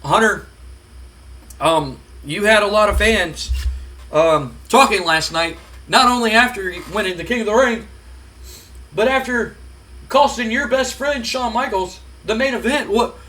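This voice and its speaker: A man doing a wrestling interviewer pressing his guest with insistent questions. The voice is bright and sits rather high. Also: a little slow. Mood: prying. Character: male wrestling interviewer, prying.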